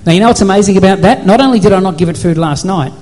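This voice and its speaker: Guy preaching at church, high voice, long echo in the hall, gets loud and repetitive. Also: rapid-fire. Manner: preaching, rising to shouts with repeated phrases. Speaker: pastor. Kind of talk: sermon.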